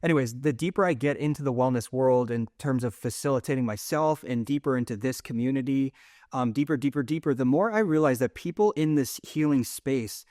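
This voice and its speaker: A man's voice: medium pitch, darkish tone, dry recording, clean studio sound. A middle-aged man hosting a podcast, talking in a rambling, searching way with many fillers and restarts. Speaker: podcast host. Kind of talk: casual conversational interview.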